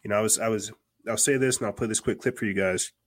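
A man's voice: lowish voice, fast talker. A man from the United States hosting a podcast, rambling through casual political commentary with many fillers and repeated words. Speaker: podcast host.

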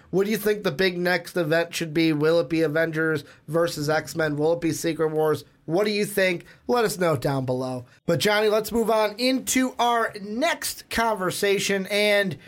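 A young man hosting a casual podcast, chatty, reading notes aloud with fillers. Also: high voice. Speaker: podcast host. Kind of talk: casual chat.

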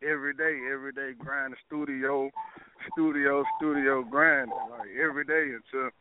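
A man's voice: mid-range voice, steady tone, moderate pace, very noisy. Young man on a phone line. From Pine Bluff, Arkansas, US. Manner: laid-back, many "like" fillers, chuckling. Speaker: rapper guest. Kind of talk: casual interview over phone.

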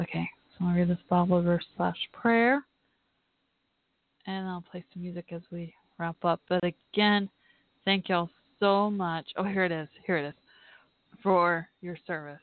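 A woman hosting a live podcast, talking in an earnest, heartfelt, halting way and reading aloud. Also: on the low side, no echo. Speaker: podcast host. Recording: tinny phone-line audio, dry.

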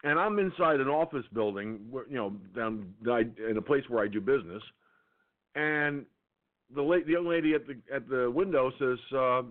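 Male talk-radio host, angry profane rant, animated delivery, thin phone-quality audio. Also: medium pitch, brisk. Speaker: internet radio show host. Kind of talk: ranting monologue. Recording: tinny phone-line sound.

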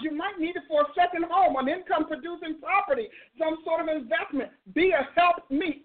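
A woman hosting a talk show, preaching bluntly and emphatically with no soft tone, exhorting her listeners. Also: very high-pitched. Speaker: talk show host and minister. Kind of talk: preaching call-in style talk. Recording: narrow phone-like audio.

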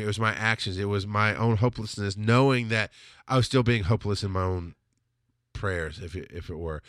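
A father who hosts a podcast tells a confessional personal story packed with swearing. He swings from loud outbursts to quiet, subdued lows, recorded at studio quality with no echo.

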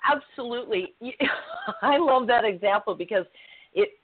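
Woman co-host, very lively swooping voice, fairly high, laughs a lot, thin phone-line sound. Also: normal speed, husky. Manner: lively and laughing, swears casually, big pitch swings. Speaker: podcast co-host. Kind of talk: casual conversational coaching talk.

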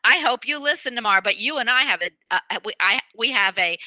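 A woman's voice: on the high side, animated, a little fast, bright, forceful tone, no room sound, poor audio. A middle-aged woman hosting a radio show, effusive and rambling, sometimes tongue-tied. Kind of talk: casual radio chat.

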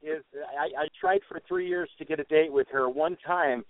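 A man's voice: a little high, expressive, a little fast, creaky, no echo. A man auctioneer telling folksy, joking stories in a casual interview. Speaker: auctioneer guest. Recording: tinny phone line, dry.

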